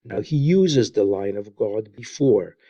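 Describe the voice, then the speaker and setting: A man retelling Bible stories in an informal, unhurried way, adding his own comments and Hebrew phrases, recorded on a close mic in a quiet room. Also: fairly low pitch, animated, no room sound, muffled recording. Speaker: Bible teacher.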